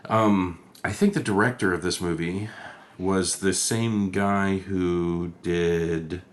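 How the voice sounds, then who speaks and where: Podcast co-host, man, deep voice, swears freely, rambles through movie scenes. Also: steady tone, slow pace. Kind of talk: casual movie chat.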